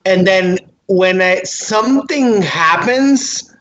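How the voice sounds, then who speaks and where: A man from Rico, hosting a casual podcast chat and searching haltingly for his words. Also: sits high, animated, fairly bright tone. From Puerto Rico. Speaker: podcast host. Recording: muffled lo-fi with faint hiss.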